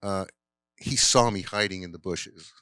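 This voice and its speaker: A man's voice: low-pitched, unhurried, pushed and bright, clear, resonant tone, no room sound. Older man telling a rambling story. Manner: rambling, fillers, acts out quoted voices. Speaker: film director, guest. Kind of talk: casual storytelling in a Q&A. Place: cinema, live Q&A.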